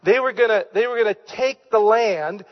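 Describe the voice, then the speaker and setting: A pastor preaching a sermon in church, with emphatic delivery, repeated key phrases and questions put to the congregation. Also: male voice, sits high, normal speed, long reverb tail, dull audio. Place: church sanctuary.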